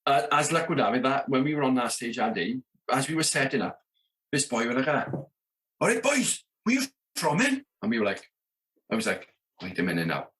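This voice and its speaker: Animated and quick, with a fairly bright, medium-pitched voice, this South Welsh drummer casually spins tour tales on a podcast. He's a rock musician in his thirties from the Merthyr Tydfil area who performs the dialogue and keeps tossing in "you know what I mean."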